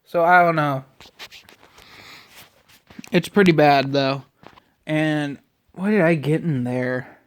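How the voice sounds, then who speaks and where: A young man in his twenties vents on camera in an irritated, profane ramble. His voice sits a little high for a man, and he complains freely with constant swearing. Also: slow, long pauses, clean tone. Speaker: vlogger. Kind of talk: casual ranting vlog.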